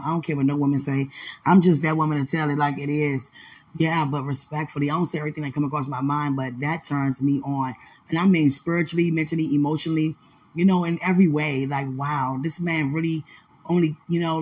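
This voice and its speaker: A woman hosting a casual, faith-filled podcast, excitable and playful, laughing often and swinging between loud outbursts and soft murmurs. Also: sits low, breathy edge, low-quality recording. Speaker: podcast host.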